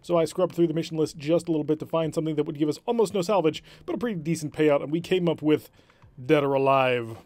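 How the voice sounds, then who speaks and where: A man's voice: fairly high pitch, fast, darkish tone, dry recording. A man commentating his own strategy game session, thinking aloud and explaining tactics. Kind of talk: let's-play commentary.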